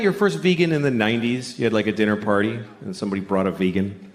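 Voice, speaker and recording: A middle-aged man doing a blunt, deadpan stand-up comedy set, often acting out other people's voices. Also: on the low side, fast. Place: stage before a laughing audience. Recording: live stage recording with audience noise. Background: audience laughter.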